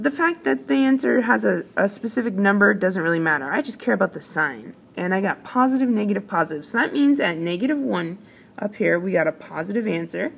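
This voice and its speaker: A woman's voice: medium pitch, creaky, slightly rough. A woman math teacher explaining a calculus lesson patiently, step by step, as she writes.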